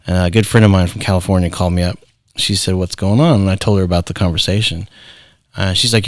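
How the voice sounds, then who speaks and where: Guest spot: middle-aged man, very low voice, lively storyteller, dry close mic. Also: a little fast, dry recording. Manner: animated storyteller acting out quoted voices. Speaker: guest, founder and artist. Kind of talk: casual storytelling interview.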